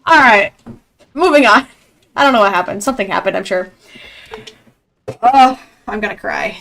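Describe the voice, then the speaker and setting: A young woman giving live esports commentary in a chatty, excitable way, reacting loudly to each play. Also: medium pitch, fast talker, creaky, pauses often. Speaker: esports caster.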